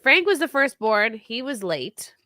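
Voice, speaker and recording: A pregnant woman hosting a podcast, chatting casually and telling animated stories. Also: on the high side, unhurried, no echo, clean studio sound. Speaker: podcast host. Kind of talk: casual chat.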